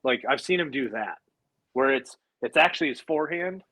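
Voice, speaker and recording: A man co-hosting a casual podcast, talking in a relaxed, hesitant way with many fillers. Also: medium pitch, a little fast. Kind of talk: casual chat.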